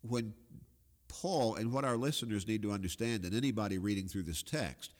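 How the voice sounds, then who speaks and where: A man's voice: fairly low pitch, normal speed, long reverb tail. A man co-hosting a conversational Bible discussion, explaining verses in plain everyday paraphrase. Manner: explains in plain paraphrase, acts out quoted lines. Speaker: Bible study co-host.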